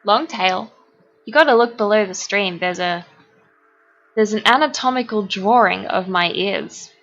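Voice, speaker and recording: Slow-talking young Australian woman streamer. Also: medium pitch, a bit bright, highs cut off, faint music behind. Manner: chatty, reads chat aloud, laughs often. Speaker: art livestreamer. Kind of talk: casual chat with live viewers.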